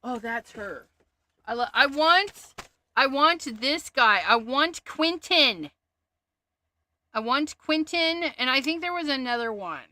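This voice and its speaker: A woman's voice: sits high, animated, takes it slowly, bright, forceful tone. A woman hosting a casual crafting livestream, chatting and giggling as she sorts through her stamps. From Canada. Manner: chatty, giggly, thinks aloud.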